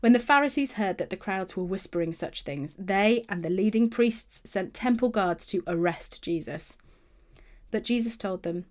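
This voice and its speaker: A woman reads a Bible passage aloud in a steady, clear storytelling voice. Her pitch sits in a middle range. Phrase ends fall gently as she moves through the story. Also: moderate pace. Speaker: narrator. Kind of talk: scripted Bible narration.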